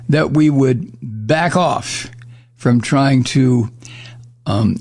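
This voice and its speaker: A man's voice: mid-range voice, gravelly. A man hosting a political talk show, delivering a blunt, sarcastic, heated monologue into a studio microphone. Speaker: radio talk show host.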